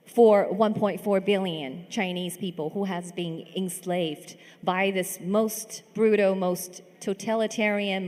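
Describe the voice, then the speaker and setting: A woman's voice: mid-range voice, a little mellow. Woman moderator in an echoing hall. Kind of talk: hosting a panel discussion. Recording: long reverb in a big hall.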